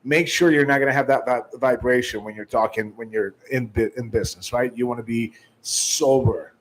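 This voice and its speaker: A man's voice: mid-range voice, normal speed, rough recording. A man giving sales training, emphatic, restarting often and shifting his tone and volume to demonstrate.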